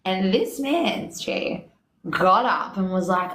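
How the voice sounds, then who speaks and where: A woman telling a story in casual chat. She is animated, swears freely and acts out both sides of quoted talk. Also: mid-range voice, slow pace. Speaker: guest. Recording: echoey room with faint noise.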